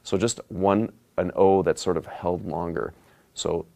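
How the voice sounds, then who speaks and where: A man explaining dialect features in a measured way, giving spoken examples. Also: low voice, gravelly, a little mellow. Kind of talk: explanatory talk.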